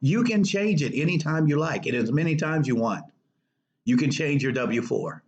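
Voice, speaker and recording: Male finance host, slightly higher voice, emphatic and repetitive, casual to-camera advice, lo-fi sound. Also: moderate pace. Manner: emphatic, repeats key points, lively swings between high stresses and low asides. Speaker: personal finance show host. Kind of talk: casual direct-to-viewer advice talk. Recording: dull lo-fi recording.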